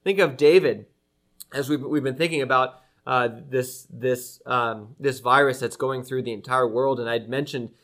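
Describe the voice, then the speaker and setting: A pastor preaching an earnest, emphatic sermon to his church, slowing down to stress key phrases. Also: mid-range voice, steady tone, a bit bright. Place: church with an online audience.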